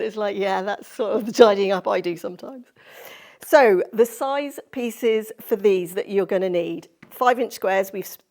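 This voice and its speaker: A woman's voice: mid-range voice, darkish tone. A woman presenting a quilting tutorial in a sewing studio, chatty and effusive as she gushes over fabrics. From Cornwall, England. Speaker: sewing instructor.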